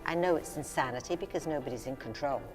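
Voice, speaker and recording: An older woman, a singer and stage actress, talking candidly and self-deprecatingly in a relaxed interview, often laughing at herself. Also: low-pitched, quick pace, big-room sound, faint music behind.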